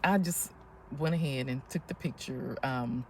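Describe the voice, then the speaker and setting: A woman in her fifties telling a story in a casual, animated vlog, often breathless and laughing as she talks. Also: a bass voice, measured pace, a little hiss or hum. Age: 50s. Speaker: vlogger.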